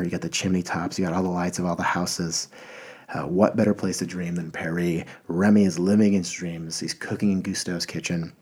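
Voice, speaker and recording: A man's voice: low-pitched, level tone, brisk, a little mellow, slightly rough. A man hosting a podcast, talking in a rambling, enthusiastic way with lots of fillers and restarts. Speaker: podcast host. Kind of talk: casual podcast monologue.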